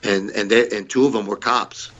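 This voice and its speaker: Podcast guest: man, low and punchy voice, rambling, repeats himself. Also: steady tone, normal speed, fairly bright tone, dull audio. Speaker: podcast guest, former wrestler. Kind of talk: casual storytelling interview.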